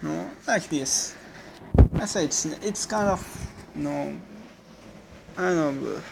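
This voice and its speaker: A man giving casual spoken feedback on someone's speaking skills. He talks haltingly, in non-native English phrasing, and often restarts and corrects himself with "no.". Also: fairly high pitch, creaky, very noisy.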